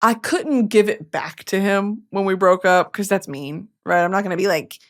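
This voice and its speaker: A woman's voice: medium pitch, normal speed. A young woman, hosting a podcast in a casual comedic monologue full of swearing and dramatic asides. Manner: chatty, swearing, dramatic asides, mock voices. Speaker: podcast host.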